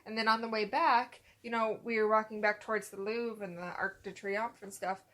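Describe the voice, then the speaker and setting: A young woman co-hosting a casual podcast, telling a rambling story and acting out quotes in a relaxed chat with her partner. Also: medium pitch, moderate pace. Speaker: podcast co-host.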